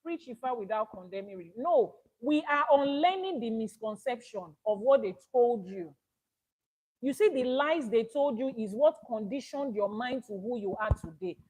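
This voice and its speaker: A woman's voice: fairly high pitch, animated, moderate pace, darkish tone, low-quality recording. A woman with a Nigerian accent, an Ifá priestess giving a spoken teaching broadcast, arguing through rhetorical questions.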